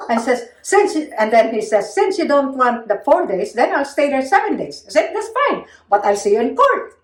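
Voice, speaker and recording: A woman's voice: brisk, far from the mic. An older woman recounting her own story in casual conversation, acting out the quoted lines with big jumps in her voice. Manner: animated, acts out quotes with big pitch jumps. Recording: echoey room, voice a bit off mic.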